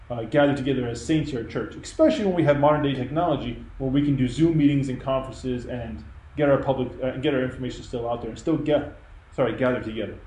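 A man's voice: mid-range voice, mellow, echoey room, poor audio. A man preaching a sermon, earnest and emphatic in a conversational way. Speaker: pastor. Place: church.

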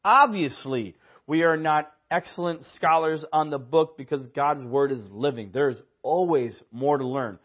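Man, church teaching, conversational, slightly high voice, muffled lo-fi audio. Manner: conversational, tells personal stories, quick asides. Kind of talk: sermon-style church teaching. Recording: dull lo-fi audio.

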